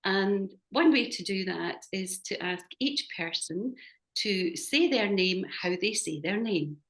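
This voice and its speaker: Scottish woman facilitator, gentle and measured, video-call sound; leads a group exercise. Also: mid-range voice, animated. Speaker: workshop facilitator.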